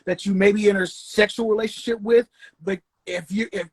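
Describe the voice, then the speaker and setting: A woman's voice: medium pitch, fairly even intonation, fairly quick, husky, no room sound. A woman guest in casual conversation, blunt and swearing a lot, then apologizing for it. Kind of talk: casual chat.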